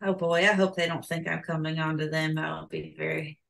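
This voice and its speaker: A woman's voice: sits low, flat delivery, brisk, creaky, a bit bright. A woman playing a tabletop game, chatty and joking. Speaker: player. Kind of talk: casual tabletop play.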